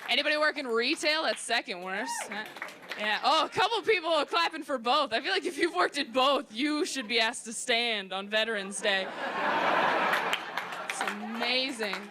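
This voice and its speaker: A woman's voice: high-pitched, animated, normal speed, background noise. A female stand-up comedian with a sarcastic delivery, mocking customers by doing their voices. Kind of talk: stand-up set.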